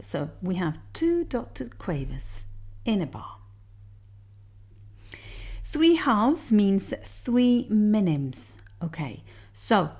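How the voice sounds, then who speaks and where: A woman's voice: mid-range voice, warm tone. A woman teaching music theory, patiently explaining exam answers step by step and counting beats aloud.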